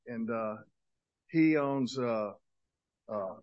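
A man in his sixties, a minister giving an energetic, joking talk to a men's group at a church, with lots of fillers. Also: medium pitch, extremely slow, lo-fi sound. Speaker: guest speaker and minister to men. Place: church gathering of men.

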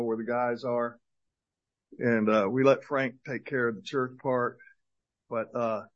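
A man in his sixties, a minister giving an energetic, joking talk to a men's group at a church, with lots of fillers. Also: medium pitch, dull audio. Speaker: guest speaker and minister to men. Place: church gathering of men.

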